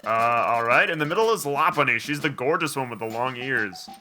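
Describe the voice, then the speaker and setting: Lively, bright-voiced man playing a game. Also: medium pitch, brisk, faint music behind. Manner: chatty, animated, joking asides. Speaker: let's play host. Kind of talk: casual game commentary, reading dialogue aloud.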